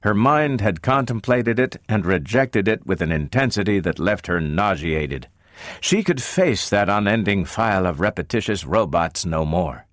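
A man narrating an audiobook in a measured, expressive way. His voice sits low but moves with lively intonation. The recording is dry and close. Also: no echo. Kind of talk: scripted narration.

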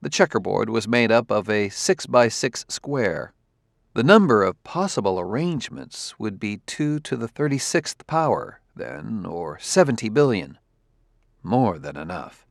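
A man narrating an audiobook in an even, unhurried way. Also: fairly low pitch, gravelly, no room sound, studio quality.

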